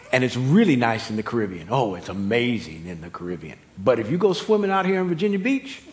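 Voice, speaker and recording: A middle-aged man preaching a sermon, animated and humorous, swinging from loud high exclamations to quiet, low emphasis. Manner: humorous, laughing at own stories. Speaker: pastor.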